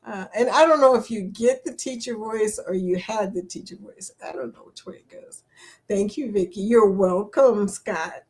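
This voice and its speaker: A woman's voice: a little high, a little mellow. A woman hosting a casual live-stream chat, reading viewer comments aloud, chatty and laughing often. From England.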